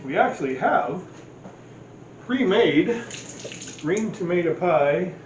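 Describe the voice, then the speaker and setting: A man's voice: sits high, lively intonation, slow pace, a little hiss or hum. A man hosting a casual cooking vlog from his home kitchen, rambling and joking at his own expense. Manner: rambling, jokey, self-deprecating. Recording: echoey, slightly dull home recording.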